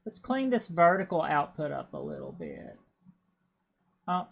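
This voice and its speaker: Her low, gravelly voice swoops wildly in pitch at an unhurried pace as this game streamer from Appalachia chats casually on a livestream. She has an Appalachian accent and rambles, with stammered restarts and repeated words.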